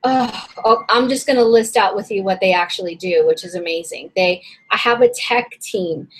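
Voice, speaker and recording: A woman hosting a casual online business session. She talks in a chatty, rambling way, full of fillers and restarts, and her voice is a little hoarse and strained. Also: mid-range voice, moderate pace, a little hiss or hum, poor audio. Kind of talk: casual webinar teaching.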